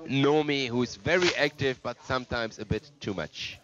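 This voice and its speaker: A man with a medium-pitched, fairly bright voice does live sports co-commentary in broken, non-native English at a normal speed, chatting about the players between calls. The recording is lo-fi and muffled.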